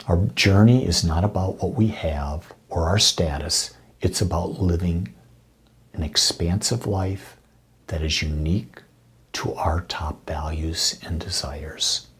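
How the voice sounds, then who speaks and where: Low, very breathy male minister. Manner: soft, intimate delivery with frequent breathy, whispered phrases; slow, deliberate affirmations. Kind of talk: spiritual talk.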